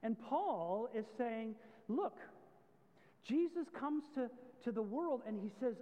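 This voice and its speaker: A man's voice: extremely high pitch, expressive, takes it slowly, warm tone, in a large hall, rough recording. A male pastor giving a sermon, talking conversationally and explaining with everyday stories. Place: church.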